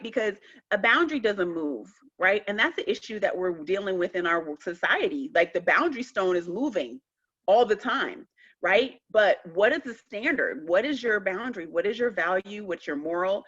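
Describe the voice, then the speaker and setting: A woman speaking emphatically on a virtual call, telling stories with lively acted-out quotes. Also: medium pitch, normal speed, breathy edge, highs cut off. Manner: emphatic, animated storytelling. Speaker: guest speaker. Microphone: video call.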